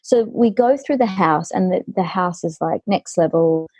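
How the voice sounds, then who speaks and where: A young woman from Australia, a singer and guest, telling an animated story in a casual chat over a video call. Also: fairly low pitch, moderate pace, slightly rough.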